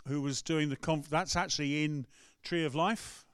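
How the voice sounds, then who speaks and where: A man's voice: on the high side, fairly even intonation, normal speed, smooth, no room sound, studio quality. English man telling a story in a sermon. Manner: storytelling, conversational, acts out quotes. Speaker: rector. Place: church.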